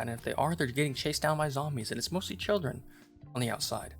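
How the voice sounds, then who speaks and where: A man's voice: medium pitch, vocal fry. A man giving casual, rambling play-by-play commentary on a strategy game he is playing, amused and full of fillers. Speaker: gaming channel host.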